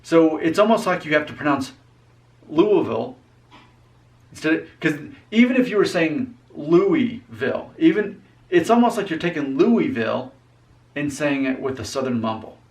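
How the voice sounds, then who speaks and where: A young man from Alabama hosts a vlog, his slightly high voice expressive and fairly quick. He chats casually and explains things in a rambling, teasing, easygoing way, a little away from the mic.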